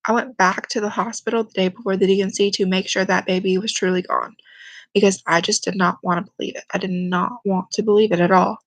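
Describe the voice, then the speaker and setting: A young woman telling a personal story to camera, speaking quietly and haltingly, close to tears. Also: medium pitch, fairly even intonation, no room sound, low-quality recording. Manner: quiet, halting, emotional, holding back tears. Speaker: vlogger.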